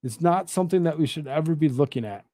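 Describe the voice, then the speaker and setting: A man's voice: fairly high pitch, lively intonation, quick pace, dark tone, no echo. A man hosting a casual commentary show, sarcastic and exasperated as he rambles about news and viral clips.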